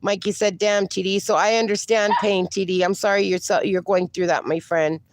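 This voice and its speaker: A woman livestreams from outdoors, reading her viewers' comments out loud and calling them darling in a relaxed, chatty manner, though some pain leaves her sounding a bit strained. Her mid-range voice holds a steady tone at normal speed, with background noise audible.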